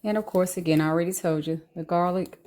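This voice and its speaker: A woman with a slightly low voice talks her viewers through a recipe in a home kitchen. She is chatty and relaxed, with slangy asides, recorded on her phone. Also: fast. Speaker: cooking vlogger. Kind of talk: casual cooking vlog chat. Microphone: phone camera.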